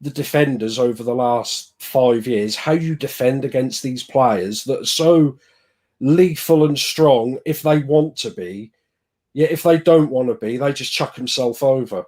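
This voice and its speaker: A man co-hosting a football podcast, talking in an animated, exasperated way and thinking out loud. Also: mid-range voice, measured pace. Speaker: podcast co-host. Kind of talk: casual football chat.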